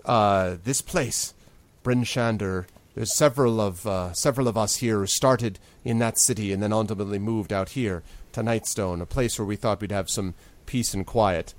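A man's voice: on the low side, normal speed, dry recording, close to an everyday voice. A man voicing a weary, earnest male innkeeper who was made mayor in a tabletop game.

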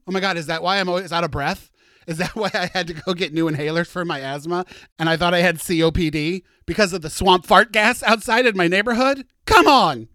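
A man hosting a solo podcast, chatty and campy, with animated asides and gushing. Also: on the high side, no room sound, studio quality. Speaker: podcast host.

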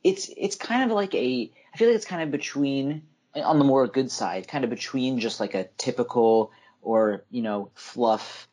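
A man in a casual podcast chat, talking haltingly with many fillers as he works out his thoughts. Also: medium pitch, darkish tone. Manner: halting, heavy fillers and restarts. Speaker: podcast co-host.

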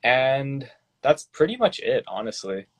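A young man co-hosting a podcast, talking in a relaxed, hesitant way with lots of fillers. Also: mid-range voice, measured pace, husky. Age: young adult. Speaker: podcast co-host. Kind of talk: casual chat.

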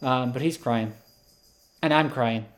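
A man's voice: medium pitch, measured pace. Male comic storyteller, loose and rambling, fillers everywhere. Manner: rambling, filler-heavy, absurd. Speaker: comedian. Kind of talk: comedic storytelling.

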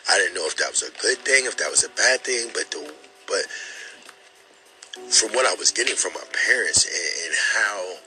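A young man tells a personal story in a halting, earnest way, repeating words and using many fillers. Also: lowish voice, lively intonation, sharp tone, soft background music, poor audio. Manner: earnest and emotional.

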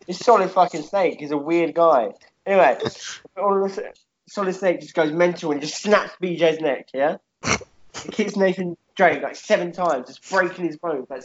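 A man's voice: on the high side, muffled recording, slight background noise. A man in casual chat, telling a rambling made-up fight story with lots of swearing and "yeah?" tags.

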